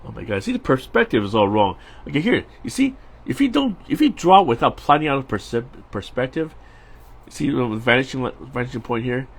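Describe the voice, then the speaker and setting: Husky, animated middle-aged man chatting. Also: medium pitch, a little fast. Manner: chatty and rambling, with many restarts, fillers and laughs. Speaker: storyboard artist streaming a live drawing session. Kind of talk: casual rambling chat while drawing.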